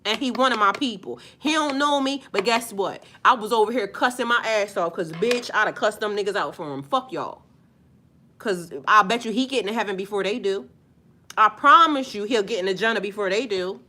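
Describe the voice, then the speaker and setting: Fired-up woman ranting, bright voice. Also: medium pitch, animated, a little fast, a little hiss or hum. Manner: heated, profane, emphatic. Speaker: spiritual life coach. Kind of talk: ranting vlog monologue.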